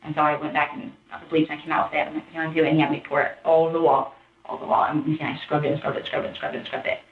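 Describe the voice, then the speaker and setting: A woman's voice: low-pitched, level tone, racing. Woman retelling events on tinny, echoey audio. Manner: rambling retelling, acts out quotes. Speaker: interviewee recounting events. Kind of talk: recorded interview account.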